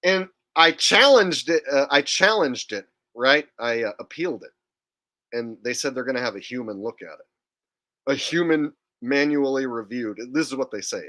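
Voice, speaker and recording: A man's voice: mid-range voice, moderate pace, bright, forceful tone. A man hosting a live stream, talking in an incredulous, profane, digressive way. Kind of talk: casual live-stream commentary.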